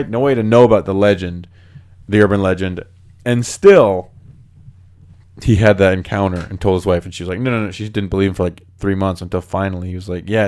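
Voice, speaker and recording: A man's voice: low-pitched, a little mellow. A man hosting a podcast, telling spooky stories in casual chat, acting out the voices of people in them and using lots of filler words. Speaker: podcast host.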